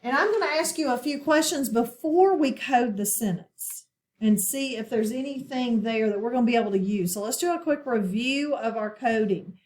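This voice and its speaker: A woman teaching a phonics lesson to children, asking questions and pausing patiently for answers. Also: on the high side, darkish tone. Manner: slow, patient, asks questions and pauses.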